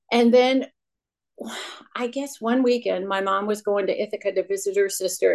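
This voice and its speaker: Candid woman in her fifties sharing. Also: medium pitch. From Rochester, New York, USA. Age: 50s. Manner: candid, self-deprecating, frequent restarts and "you know". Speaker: recovery speaker. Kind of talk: personal testimony talk from a stage. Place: speaking from a stage to a meeting.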